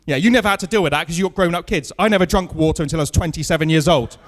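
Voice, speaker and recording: A man's voice: on the high side, racing. A man in his thirties doing a stand-up set on a comedy club stage, telling self-mocking stories and chatting with the crowd. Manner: dry, self-mocking storytelling with punchlines.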